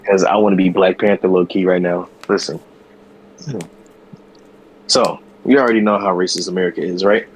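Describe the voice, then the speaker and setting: A man co-hosting a podcast, telling a news story in a loose, animated way with slang and swearing. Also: low-pitched, normal speed, pauses often, husky, poor audio. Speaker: podcast co-host. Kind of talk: casual chat.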